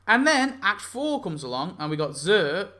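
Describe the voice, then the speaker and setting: Rambling young man with a slightly high voice. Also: big pitch swings, normal speed, pushed and bright. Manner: rambling, full of "like" and self-corrections. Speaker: game YouTuber. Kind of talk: casual commentary on a game concept.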